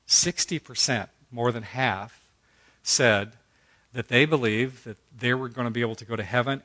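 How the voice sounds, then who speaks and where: A man's voice: medium pitch, a bit bright. A middle-aged man teaching a Bible study in a conversational preaching style, earnest and folksy, acting out quotes as he goes.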